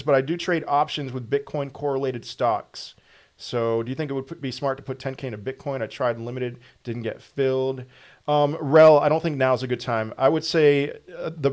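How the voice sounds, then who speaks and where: Man, casual livestream host, mid-pitched voice, offhand answers, lots of ums. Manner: reads viewer questions aloud and answers offhand, with fillers.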